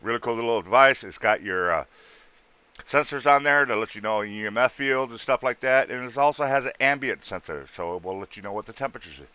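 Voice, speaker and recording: A man hosting a livestream, bluntly pitching ghost hunting gear in rough, casual sales patter. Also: brisk, bright, forceful tone, no echo. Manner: rough-spoken, blunt, salesman patter with sound-effect noises.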